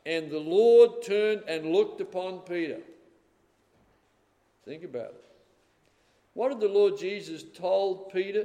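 A man's voice: sits high, a little slow, pauses often. Preacher man in a reverberant hall. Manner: dramatic, swings between loud and hushed. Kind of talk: sermon.

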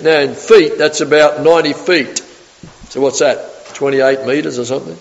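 Male preacher, slightly high voice, animated sermon in a reverberant church hall. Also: moderate pace, highs cut off. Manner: animated, acts out the story in character voices.

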